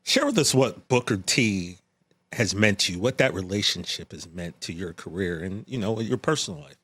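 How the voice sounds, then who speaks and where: Male co-host, low husky voice, steady questions. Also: normal speed, dry recording. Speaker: podcast co-host. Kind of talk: casual interview.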